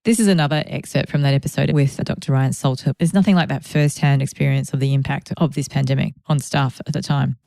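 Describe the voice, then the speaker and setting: A woman's voice: rumbling low, fairly even intonation, fast talker, creaky, hardly any pauses, mellow, no room sound, clean studio sound. A woman hosting a podcast, talking in a reflective, conversational way with grateful asides. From Australia. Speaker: podcast host. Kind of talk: reflective solo podcast talk.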